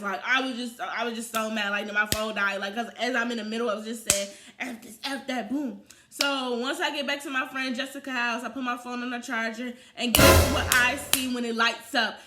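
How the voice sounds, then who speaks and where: A young woman telling a storytime vlog in a sassy, animated way, getting loud and fast when she quotes herself. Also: high voice, background noise.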